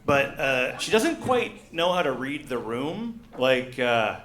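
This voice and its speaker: A man in his forties performing a stand-up comedy set, telling deadpan stories with lots of uh fillers. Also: mid-range voice, slow. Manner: deadpan storytelling with frequent uh fillers. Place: comedy gala stage. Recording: echoey room.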